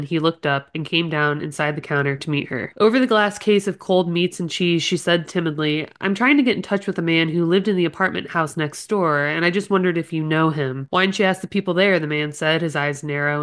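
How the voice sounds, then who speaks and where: A woman co-hosting a podcast, reading a short story aloud in an even, clear way, then chatting casually with many filler words. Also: low-pitched. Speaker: podcast co-host.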